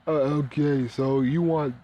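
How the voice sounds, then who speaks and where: A man putting on a slow, mild young guy on an errand. He drags out his words and sounds a bit lost. His voice is a little raised and unsure. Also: fairly high pitch, steady tone, warm tone, rough recording. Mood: confused, eager. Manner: slow, hesitant, drawn-out.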